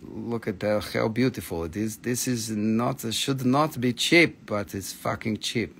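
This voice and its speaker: A man's voice: lowish voice, creaky, fairly bright tone, a little hiss or hum. Blunt, swearing live-sale host man. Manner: blunt, swears freely, quick price calls. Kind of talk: casual live-sales patter.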